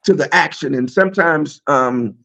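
A man's voice: fairly high pitch, moderate pace, creaky, bright, forceful tone. A man guest on a podcast, talking reflectively about spiritual matters with frequent "you know". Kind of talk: casual chat. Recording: dull lo-fi sound.

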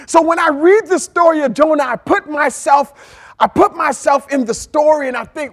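A male pastor with a strikingly high voice delivers a sermon. He talks conversationally, with frequent asides to the congregation. He bursts into loud, excited exclamations as he tells a story. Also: normal speed. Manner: animated storytelling with sudden shouted outbursts.

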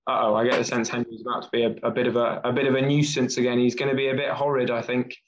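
A male teacher leads a children's reading lesson over a video call and stops to explain words as he reads. He sounds encouraging. His voice has an average pitch, and the sound is dull and lo-fi. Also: level tone, rapid-fire, few pauses. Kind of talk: online class read-aloud.

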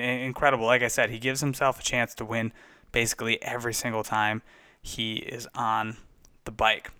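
A man's voice: mid-range voice, bright, forceful tone, smooth. A man casually recapping bike races as a podcast host, chatty and enthusiastic, sometimes correcting himself. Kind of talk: casual race recap commentary.

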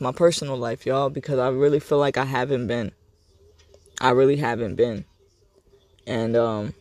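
A man's voice: on the high side, no room sound. Candid man hosting a podcast. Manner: candid, rambling, repeats himself. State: getting emotional. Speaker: podcast host. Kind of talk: casual personal monologue.

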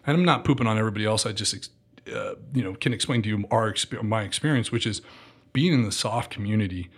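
A man in his thirties telling animated stories as a guest, acting out quotes and saying "dude" a lot. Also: fairly low pitch, fast talker, slightly rough. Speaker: guest, former military contractor. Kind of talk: casual storytelling.

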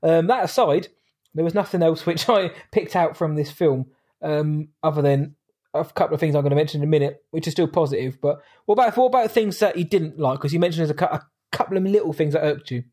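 A man's voice: fairly high pitch, quick pace, a little mellow. A man co-hosting a podcast, chatting casually about a film in a jokey, rambling way, often correcting himself mid-sentence. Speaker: podcast co-host. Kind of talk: casual film review chat.

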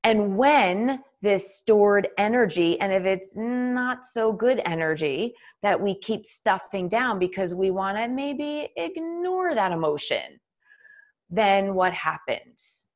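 A woman's voice: medium pitch, lively intonation, slow. A woman who teaches yoga, talking in a casual, conversational way, full of fillers and acted-out bits of dialogue. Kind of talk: casual spoken talk.

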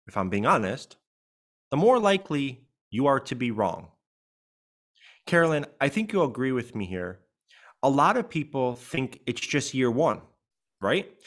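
Emphatic man with a lively voice. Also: mid-range voice. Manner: earnest, emphatic, stresses key words. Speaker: podcast co-host, grief coach. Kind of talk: podcast conversation.

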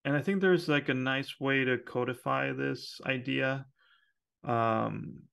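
A man co-hosting a podcast, talking shop in a relaxed, chatty way with lots of fillers and quick laughs. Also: medium pitch, creaky, clear, resonant tone. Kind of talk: casual technical chat.

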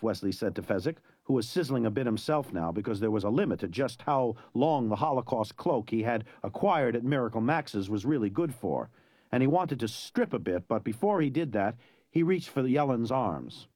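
A man narrating a story in an expressive, dramatic way. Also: mid-range voice, fairly quick, dry recording. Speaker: audiobook narrator.

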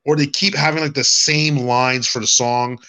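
Bright-toned man rambling in casual chat. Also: mid-range voice, fairly even intonation, moderate pace. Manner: rambling, many restarts and "like" fillers, swears. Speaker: podcast co-host.

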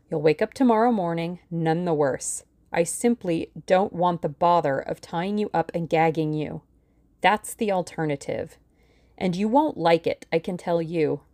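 A woman's voice: lowish voice, dark tone, lightly acted. A woman voicing a mockingly genial gun-toting villainess. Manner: mockingly genial, cold threats. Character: menacing cheerful woman villain with a pistol. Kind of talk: audiobook character reading.

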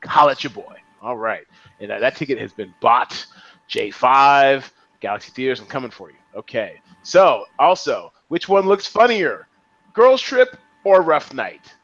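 A man hosting a podcast in casual chat, animated and playful, full of slang. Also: mid-range voice, a little slow, lo-fi sound. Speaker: podcast host.

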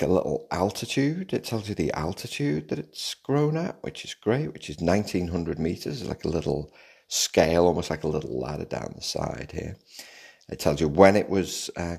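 Male podcast host, very deep and gravelly, chatty solo monologue, rambling with jokes. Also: a little mellow. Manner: chatty and rambling, with joking asides. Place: home in Australia.

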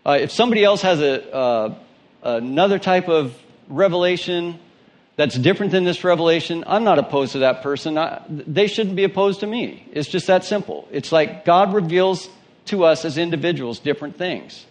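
A man's voice: on the high side, normal speed. Emphatic preacher man with a Southern twang. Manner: emphatic, preacherly, asks the listeners questions. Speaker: pastor. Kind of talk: sermon with scripture reading.

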